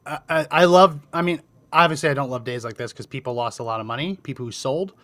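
An easygoing man co-hosting a casual talk show, chatting along loosely. His voice is bright and forward, at a middle pitch. The sound is dry and close. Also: quick pace, no echo. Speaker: co-host.

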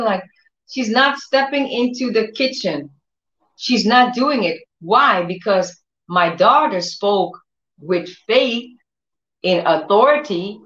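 Woman, informal preacher, animated storyteller, roomy echo, dull lo-fi sound. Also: mid-range voice. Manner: animated storyteller who acts out quotes in other voices. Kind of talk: informal sermon teaching.

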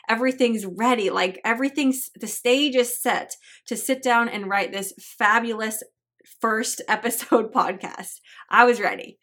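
A woman in her thirties hosts a Christian podcast, speaking earnestly and personally. She weaves her own story into scripture teaching, her voice sitting at an ordinary middle pitch. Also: a bit bright. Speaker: podcast host. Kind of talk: Christian devotional podcast talk.

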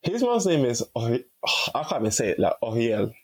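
A young man, a podcast guest telling stories in a relaxed, chatty way. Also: medium pitch, fairly quick, breathy edge, poor audio. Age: young adult. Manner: chatty and relaxed, heavy use of "like". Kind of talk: casual storytelling chat.

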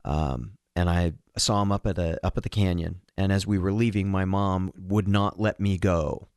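A man's voice: low voice, steady tone, normal speed, darkish tone, dry recording, studio quality. A man co-hosting a casual book podcast, speaking earnestly and personally, with self-deprecating asides. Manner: earnest and emotional, reads a passage aloud, self-deprecating. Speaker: podcast co-host.

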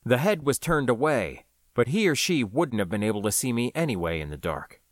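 A man narrating a novel in the first person, his pitch moving lively through each sentence while the pace stays measured. The voice sits at an ordinary male pitch. The recording is dry and close, with no room sound. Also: dry recording. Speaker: audiobook narrator.

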